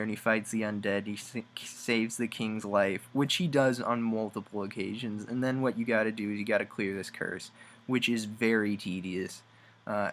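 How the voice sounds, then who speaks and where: A young man giving a rambling, sarcastic comedic game review, acting out characters in quick voices. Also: on the low side, a bit bright.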